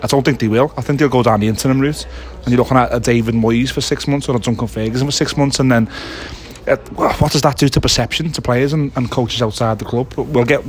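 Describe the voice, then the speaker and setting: A man co-hosting a casual post-match football reaction, giving brisk, opinionated analysis. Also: medium pitch, slight background noise. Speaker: football podcast co-host.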